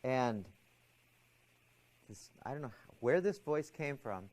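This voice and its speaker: A middle-aged man teaches stress management and shares a personal story, expressive and animated, with many restarts. He speaks at medium pitch, slowly, leaving long pauses.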